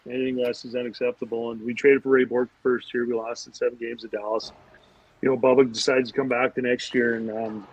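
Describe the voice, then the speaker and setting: A man's voice: medium pitch, fast talker, husky, dry recording. A man, a former pro hockey player, telling rambling casual stories as a podcast guest, full of fillers and restarts. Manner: rambling, animated anecdotes with many fillers. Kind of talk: casual storytelling. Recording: dull lo-fi audio.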